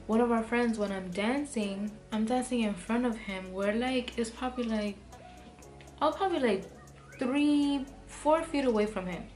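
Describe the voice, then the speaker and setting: Speaking at a moderate pace, a young woman with a higher, darkish-toned voice delivers a storytime vlog monologue. It's heated, profane and rambling, stuffed with "like" and restarts, and there's music behind her.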